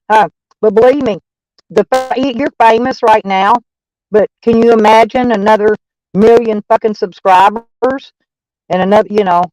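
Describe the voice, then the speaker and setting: Texan woman streamer, loose and profane, mid pitch, dry sound. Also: a little mellow, dry recording, rough recording. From Texas. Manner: rambling, profane, folksy. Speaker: live streamer. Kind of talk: casual live-stream chat.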